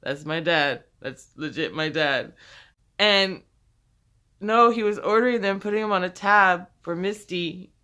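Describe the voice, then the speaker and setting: A woman's voice: fairly low pitch, unhurried, bright, forceful tone, clean tone. A woman casually telling a personal story, rambling and profane, laughing often as she goes.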